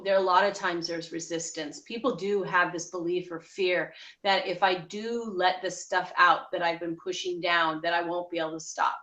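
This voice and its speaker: A woman's voice: lowish voice, sharp tone, far from the mic, poor audio. A woman therapist, interviewed as a guest, earnestly giving advice with everyday examples.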